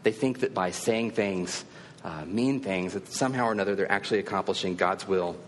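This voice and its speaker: A man's voice: deep voice, brisk, long reverb tail, a little hiss or hum. A male preacher giving a sermon in a conversational, earnest storytelling manner.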